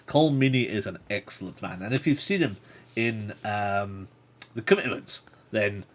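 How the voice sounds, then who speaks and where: A man's voice: lowish voice, moderate pace. A man hosting a livestream, reading a gamebook aloud and chatting playfully with viewers. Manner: playful, chatty asides to chat.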